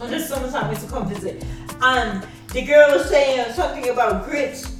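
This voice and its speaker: High-voiced woman laughing through stories. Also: a little fast. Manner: animated storyteller, laughs often, swears freely. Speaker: podcast co-host. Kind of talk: casual chat. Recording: echoey distant mic with background music.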